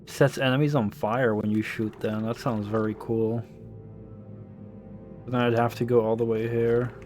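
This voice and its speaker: A man streams a horror game at home, his voice mid-pitched and casual. He mutters, curses and counts out upgrades as he decides. Game music plays clearly behind him. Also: little pitch movement, moderate pace, darkish tone. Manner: muttering, swearing, thinking aloud. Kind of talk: casual gameplay commentary.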